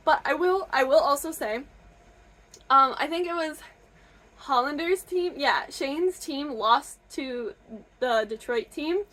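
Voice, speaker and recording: A young woman from Michigan chatting casually in a reading vlog, gushing and excitable. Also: high-pitched, slow pace. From Michigan, USA. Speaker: book vlogger. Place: camper.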